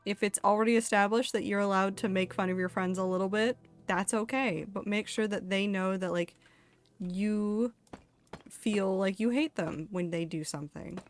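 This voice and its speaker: A young woman chats candidly on a live stream, casual and sweary, reading out her chat. Her voice sits at a middling pitch. Soft background music runs underneath. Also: moderate pace. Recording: faint music behind.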